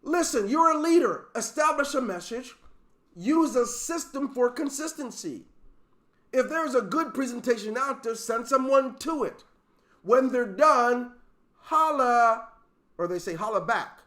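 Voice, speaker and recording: High-voiced man giving a preachy pep talk. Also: expressive, a little slow, fairly bright tone. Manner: emphatic, preachy, full of rhetorical questions. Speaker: network marketing team leader. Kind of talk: motivational leadership talk. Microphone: video call.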